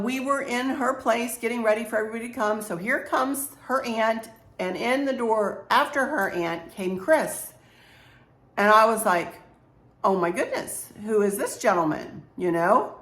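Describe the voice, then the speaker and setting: Slightly hoarse woman chatting, roomy echo. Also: medium pitch. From Maryland, US. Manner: rambling, warm storyteller addressing viewers as y'all. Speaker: craft vlogger. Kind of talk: casual storytelling chat.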